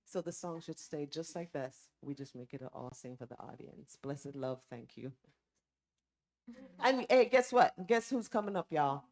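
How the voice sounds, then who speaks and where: A woman's voice: low-pitched, normal speed. A woman from Jamaica, chatting casually from the stage before introducing the minister. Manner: relaxed, chatty, lots of asides. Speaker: music leader introducing the minister.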